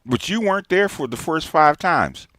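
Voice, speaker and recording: A man's voice: a little high, lively intonation, moderate pace, a bit bright, no room sound, clean studio sound. Lecturing man in his sixties. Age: 60s. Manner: emphatic, lecturing, repeats himself. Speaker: streamer. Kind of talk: ranting response monologue.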